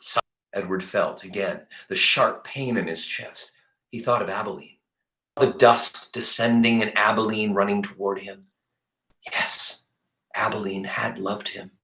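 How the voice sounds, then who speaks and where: Brief: low-voiced male teacher doing an animated read-aloud, echoey room. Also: a little slow. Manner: expressive, animated storytelling. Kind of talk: reading a novel aloud to a class.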